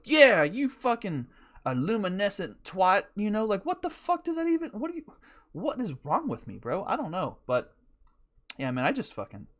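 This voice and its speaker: A young man rambles through a casual podcast story, swearing freely and mocking himself. His voice sits a little high and swings widely in pitch, jumping up whenever he acts out a quote. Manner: profane, rambling, self-mocking, laughs often. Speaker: podcast host.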